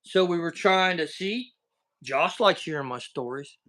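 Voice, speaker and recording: Southern guy rambling thru stories on a livestream, kinda high voice, video call sound. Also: animated, unhurried, bright, forceful tone. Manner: rambling, folksy storytelling. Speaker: livestream host. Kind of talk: casual chat.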